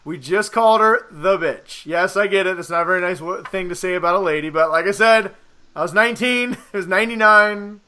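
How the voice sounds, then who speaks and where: A man in his thirties with a high, bright, forceful voice, chatting on a podcast. He tells stories in a loose, animated way, swears freely and acts out the lines he quotes. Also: quick pace, clear, resonant tone. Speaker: podcast co-host. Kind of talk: casual storytelling chat.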